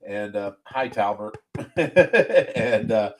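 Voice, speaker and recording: A man's voice: fairly low pitch, lively intonation. A man co-hosting a podcast, delivering a crude joking ad read with frequent laughter. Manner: joking, drawn-out, laughing often. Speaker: podcast co-host.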